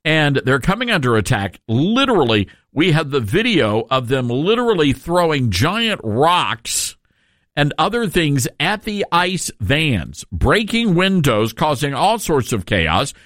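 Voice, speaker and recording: A man's voice: fairly high pitch, sing-song, unhurried, fairly bright tone, no room sound, studio quality. A male radio host giving a sarcastic, emphatic talk radio monologue, with frequent asides to his listeners.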